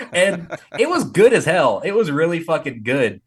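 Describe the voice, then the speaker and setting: A middle-aged man co-hosting a podcast, telling animated, profane stories in casual chat. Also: high-pitched, measured pace, slightly rough. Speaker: podcast co-host.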